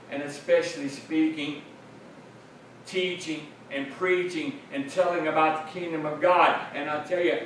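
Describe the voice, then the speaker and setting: Male preacher, high voice, earnest, repeats for emphasis, heavy echo, distant mic. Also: fairly bright tone. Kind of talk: sermon. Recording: very echoey room, mic at a distance, faint noise.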